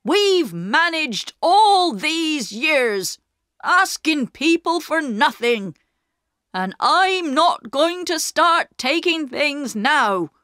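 A woman voicing a proud, poor working man who speaks slowly and stubbornly, in a storybook reading. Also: sits high, fairly bright tone, dry recording, clean studio sound, pitched above the performer's own voice, heavily acted. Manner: slow, stubborn, heavy emphasis.

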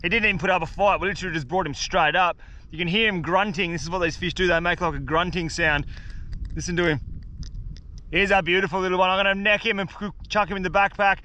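A young Australian man with a fairly high, smooth voice talks to his camera outdoors. He is excitable and slangy, chatting straight to viewers about his day. The sound is a clear handheld camera recording. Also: fast. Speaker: survival vlogger. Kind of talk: casual outdoor vlog. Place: outdoors on a beach in the bush.

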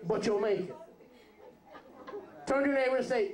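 A man's voice: very high-pitched, normal speed, darkish tone. Man, rabbi giving a chatty, joking sermon to a congregation; echoey room. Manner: joking, conversational, asks the audience questions. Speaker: rabbi, teacher. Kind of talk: sermon teaching. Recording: roomy hall.

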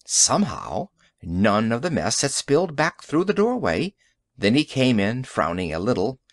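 A man narrating a science fiction story in an audiobook, with an expressive storytelling delivery. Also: medium pitch, normal speed, dry recording, studio quality.

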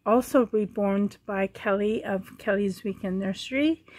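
A woman chatting slowly at home in a casual show-and-tell vlog, with long gentle pauses. Her voice sits at an ordinary middle pitch and is a little hoarse, as if she has a frog in her throat. The sound is close and dry, with no room around it. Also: no echo. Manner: gentle, pausing often, fond and chatty. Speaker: doll collector vlogger.

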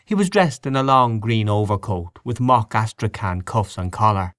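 A man reading a classic story aloud as audiobook narrator, measured and expressive. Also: on the low side, dry recording, studio quality. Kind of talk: scripted narration.

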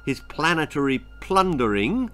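A man's voice: on the high side, sing-song, normal speed, a bit bright. A man reading his own children's story aloud in a relishing, theatrical manner.

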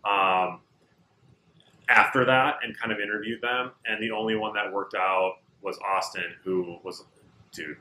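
A man's voice: on the low side, fairly even intonation, a little slow, sharp tone, a little hiss or hum. A man who co-hosts a barbershop podcast, telling self-mocking stories casually with some swearing. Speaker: barbershop owner, co-host. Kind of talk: casual chat. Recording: roomy echo.

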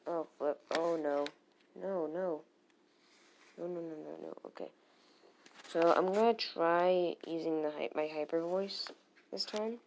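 A woman narrates her own gameplay in an unhurried, slightly low voice, mostly muttering to herself. Her excitement spikes now and then into loud cheering. A faint hiss of noise sits under the recording. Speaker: gamer commentating own battles. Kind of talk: casual gameplay commentary.

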